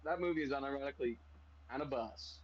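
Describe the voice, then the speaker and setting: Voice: medium pitch, fast, highs cut off, crowd noise. A person making brief, dry asides in a casual improv chat with friends.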